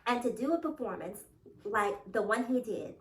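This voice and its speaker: A woman's voice: a little high, animated, moderate pace. A woman vlogger giving casual reaction commentary, emphatic and chatty, laughing between her points. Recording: roomy sound from a distant mic.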